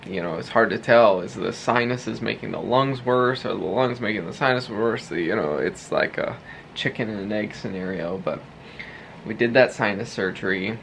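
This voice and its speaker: A man's voice: fairly low pitch, normal speed, vocal fry, a bit bright, a little hiss or hum. A man in his thirties talking casually to the camera in his home office, chatty and laughing often. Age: 30s. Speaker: vlogger. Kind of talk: casual vlog talk. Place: home, third-floor office. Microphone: handheld camera.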